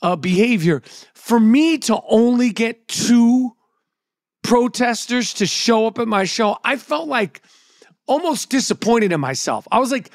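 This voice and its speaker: A middle-aged man talks in a brash, profane, storytelling way on a podcast. His voice sits unusually high for a man. The sound is dry, with no room around it. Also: lively intonation, measured pace, no room sound. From New York. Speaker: podcast host and comedian. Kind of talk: casual podcast chat.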